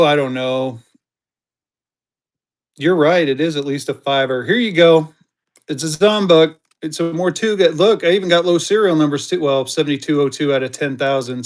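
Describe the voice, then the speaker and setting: A man with a high voice hosts a casual live-stream sale. He talks chattily and greets buyers by name. He keeps urging everyone to get in and bid. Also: unhurried, long pauses. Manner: hypes bidders, greets viewers by name. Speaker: live-stream auction host. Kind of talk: live-stream selling chat.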